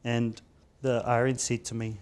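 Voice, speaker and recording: A man's voice: mid-range voice, level tone, unhurried, a little mellow. A middle-aged man with a New Zealand accent, a general practitioner giving an informal seminar talk, chatty and full of stammers and restarts, dropping in Māori words. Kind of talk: informal conference presentation.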